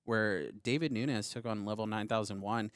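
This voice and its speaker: A man's voice: lowish voice, fairly even intonation, normal speed, dry recording. A man co-commentating a card game tournament, breaking down plays and past matches with a dry sense of humor.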